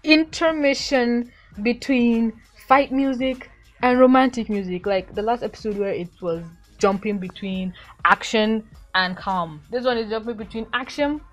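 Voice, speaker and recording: A young adult woman casually reviewing a cartoon episode, excitable and gushing, acting out the characters' lines. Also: on the high side, measured pace, faint music behind. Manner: excitable, gushing, acts out quotes.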